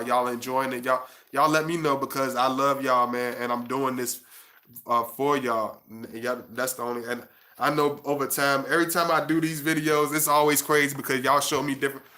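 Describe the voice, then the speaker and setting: Male stream host, bright tense tone, level monotone delivery, halting casual chat, hushed readings. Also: mid-range voice. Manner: halting, with many restarts while chatting; slow and hushed when reading his prose. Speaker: author and channel host.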